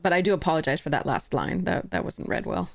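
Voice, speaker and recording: A woman's voice: lowish voice, lively intonation, quick pace, vocal fry, no room sound. A woman streamer chatting casually as she plays a card game, laughing often and correcting herself. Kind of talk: casual commentary while playing a card game.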